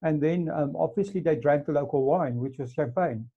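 A man's voice: a little high, moderate pace, breathy edge. A man interviewing a guest, explaining history at length with many fillers. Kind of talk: casual interview chat. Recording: dull lo-fi sound.

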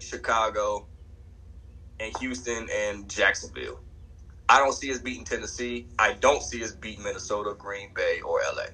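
A man co-hosting a sports podcast, talking in an animated, emphatic, trash-talking way. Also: mid-range voice, slightly rough, rough recording. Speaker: podcast co-host. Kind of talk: casual sports chat.

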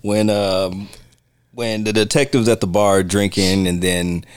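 A man's voice: a little slow, smooth, dry recording, studio quality. A man co-hosting a podcast, chatting casually and playfully about a film. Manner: relaxed, playful, swings his pitch widely. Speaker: podcast co-host.

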